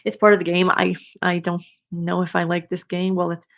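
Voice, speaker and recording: A woman's voice: fairly low pitch, monotone, moderate pace, a bit bright, muffled recording. A woman with a Spanish accent, a streamer talking in a casual, rambling way. She speaks her mind bluntly and fills her talk with ums and restarts. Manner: rambling, with many fillers and restarts; outspoken and exasperated. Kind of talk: casual rambling commentary while reading fan fiction.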